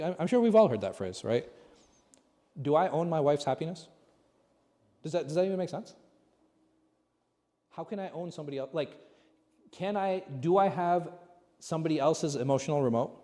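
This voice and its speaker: An imam gives a relaxed religious class in a large mosque hall, his mellow, warm, slightly high voice trailing long reverb after each phrase. He keeps posing rhetorical questions to his listeners.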